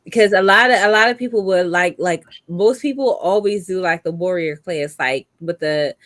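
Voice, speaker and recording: A woman's voice: lowish voice, normal speed, fairly bright tone, no echo, clean studio sound. A woman co-hosting a podcast, talking bluntly in casual slang about games and steering the chat back on topic. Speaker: podcast co-host.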